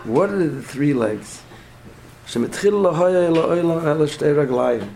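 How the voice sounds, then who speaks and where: A man's voice: fairly high pitch, lively intonation, moderate pace, creaky, dark tone, slight background noise, low-quality recording. A man teaching a Torah class, asking questions and answering them himself. He repeats his points, checks in with a frequent "yeah?", and mixes Hebrew and Yiddish terms into his English.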